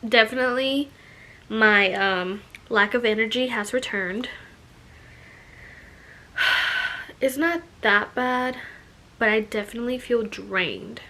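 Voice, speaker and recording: A woman's voice: fairly high pitch, slow, pauses often, sharp tone. A young woman chatting casually in a vlog, filling her talk with "like" and "you know", a little out of breath. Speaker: vlogger. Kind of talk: casual pregnancy update vlog.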